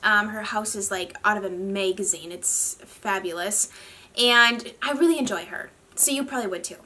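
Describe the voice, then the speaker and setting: A woman from the northern United States chatting casually as a beauty vlogger, rambly and quick to laugh. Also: medium pitch, sharp tone. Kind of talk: casual chat.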